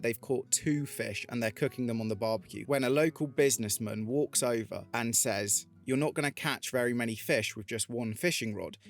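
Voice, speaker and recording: A man talks straight to camera, earnest and encouraging, telling stories to make a point. His voice sits at an ordinary middle pitch. A soft guitar plays quietly under him. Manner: earnest, motivational, retells a parable. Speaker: vlogger. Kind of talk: reflective talking-head storytelling.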